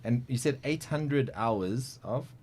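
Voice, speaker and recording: A man's voice: mid-range voice, slow, darkish tone, a little hiss or hum. A man hosting a casual interview, chatty and joking with plenty of fillers. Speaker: podcast host.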